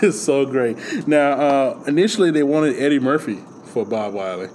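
A man chatting casually about a film, animated and acting out lines with big jumps in his voice. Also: mid-range voice, moderate pace, background noise. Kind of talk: casual movie chat.

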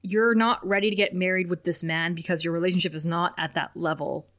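A woman's voice: lowish voice, a little fast. Chatty woman recapping with laughs. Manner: animated, laughs often, reads quotes in lively voices. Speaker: podcast co-host. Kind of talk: casual chat, recapping a TV episode.

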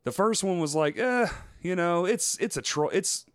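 This co-host of a podcast is a profane, laughing storyteller in a casual conversation. He has a high, resonant, clear voice, animated at normal speed, captured in a clean studio with no echo.

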